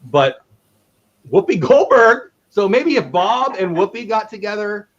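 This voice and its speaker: A man's voice: high voice, sing-song, measured pace, muffled recording. A man in his fifties hosting a casual livestream chat, rambling and repeating words as he talks. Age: 50s. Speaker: livestream host.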